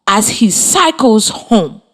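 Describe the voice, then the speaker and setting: A woman from Liberia teaching a reading lesson by radio, speaking slowly and clearly with encouraging questions to the children. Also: fairly high pitch, big pitch swings, fairly bright tone.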